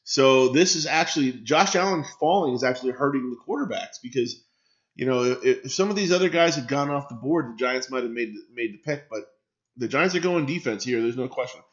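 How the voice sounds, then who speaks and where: A man's voice: mid-range voice, fairly quick, dull audio. A man hosting a casual live stream, chatting and reacting to viewer comments and swearing freely.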